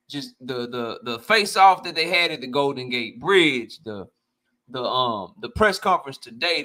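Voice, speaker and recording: A man with a high, bright voice hosting a boxing channel, answering his live chat with casual commentary. He talks in an animated, blunt way, with heavy slang and plenty of swearing. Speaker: boxing YouTube host.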